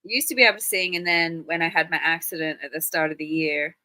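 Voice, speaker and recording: A woman's voice: sits low, quick pace, pushed and bright, no echo, rough recording. A woman from Australia hosting a casual live stream, chatty and full of rambling anecdotes. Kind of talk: casual chat.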